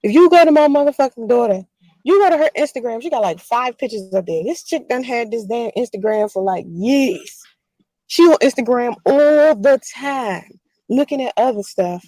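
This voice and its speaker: A woman's voice: a little high, animated, normal speed, dark tone, no room sound. A woman vlogger in a blunt, profane, defiant rant. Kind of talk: ranting monologue.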